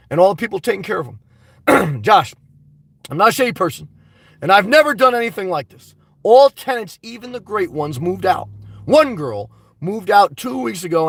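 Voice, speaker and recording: Guy going live, loud and blunt, swears a lot, kinda high voice, dry close sound. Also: creaky, no room sound. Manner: boisterous, blunt and profane. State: slightly congested. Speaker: vlogger reading live chat. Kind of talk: casual live-stream chat.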